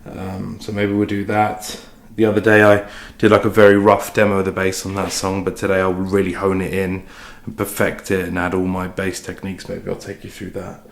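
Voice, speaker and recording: A man's voice: low voice, completely flat delivery, normal speed, gravelly, hardly any pauses. A man chatting casually and swearing freely while cooking in his kitchen, talking through his day as a musician. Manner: chatty, sweary, self-deprecating. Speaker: musician vlogger. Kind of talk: casual rambling vlog. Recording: echoey kitchen with faint clatter.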